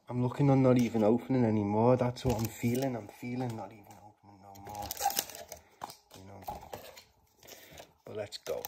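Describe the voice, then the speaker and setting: A man chatting casually to viewers as he opens card packs, bursting into loud exclamations between quieter mumbled remarks. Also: medium pitch, slight background noise. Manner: slangy, chatty address to viewers. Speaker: YouTuber opening trading card packs. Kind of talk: casual vlog commentary.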